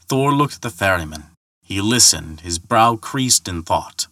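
Man, storyteller, measured dramatic narration, bright tone, dry close sound. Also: low voice, expressive, dry recording. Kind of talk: scripted myth narration.

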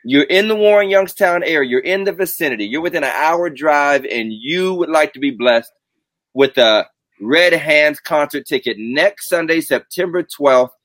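A man's voice: a little high, expressive, moderate pace, fairly bright tone, no echo. A man hosting a casual live stream, joking and drawing out his announcements. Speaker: host.

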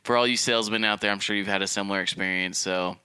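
A young man co-hosting a podcast, telling a story in animated casual chat and laughing often between fillers. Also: fairly low pitch, quick pace, smooth, no echo. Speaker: podcast co-host.

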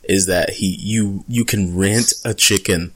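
A man's voice: sits low, steady tone, a little slow. A man co-hosting a podcast, chatting casually and enthusiastically. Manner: enthusiastic, laughing. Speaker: podcast co-host.

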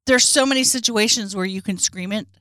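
A woman's voice: mid-range voice, a little fast, dry recording, studio quality. A young woman co-hosting a casual chat, playful and jokey. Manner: playful, jokey, bursts into silly shouts.

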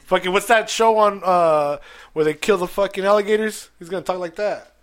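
A man's voice: high-pitched, a little fast. A man from Arizona co-hosting a podcast in casual chat, joking, profane and full of slang. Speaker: podcast co-host.

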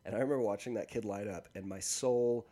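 A man co-hosting a podcast in casual chat, joking and talking quickly with lots of false starts. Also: fairly low pitch, warm tone. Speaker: podcast co-host.

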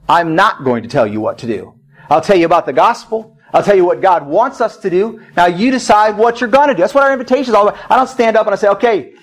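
High-voiced preacher man. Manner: emphatic storytelling preacher, rising to bold declarations. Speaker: pastor. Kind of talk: sermon. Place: church service.

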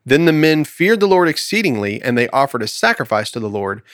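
A man co-hosting a Bible study talk, reading scripture and retelling it as an animated storyteller. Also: medium pitch, a little fast, clean tone, dry recording, clean studio sound. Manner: animated storyteller, acts out voices in quotes with laughs. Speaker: podcast co-host teaching scripture.

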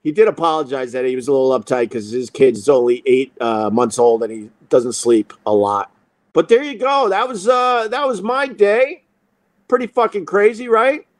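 Speaking at a normal speed in a fairly high voice, a middle-aged talk show host spins an animated, casual, profanity-laced story. He voices the other characters' lines as he goes.

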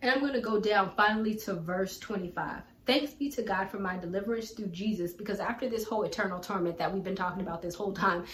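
A woman teaches from scripture in an earnest, colloquial, conversational way, with a voice of ordinary middle pitch. Her voice sits back from the microphone in a roomy, echoing space. A faint hum runs underneath. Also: quick pace, hardly any pauses. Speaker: Bible teacher. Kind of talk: casual Bible teaching with personal story. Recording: roomy echo, distant from mic, faint background hum.

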